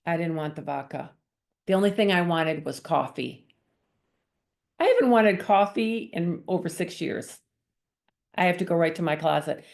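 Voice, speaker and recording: A woman's voice: lowish voice, moderate pace, vocal fry, long pauses, a little mellow. A woman telling her personal faith testimony as a guest author, earnest and emotional in her storytelling.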